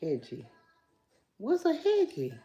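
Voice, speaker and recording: A woman's voice: medium pitch, wildly swooping pitch, takes it slowly, mellow, lo-fi sound. A woman with a country Memphis accent hosting a casual livestream, chatting and answering viewer comments aloud. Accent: Memphis Southern. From Memphis, USA. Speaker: livestream host.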